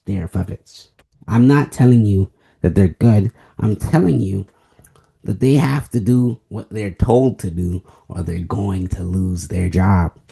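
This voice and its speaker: A man's voice: on the low side, creaky, dark tone, breathy edge. A twenty-year-old man from the United States giving an emphatic sports opinion monologue, repeating key phrases for stress. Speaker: sports vlogger.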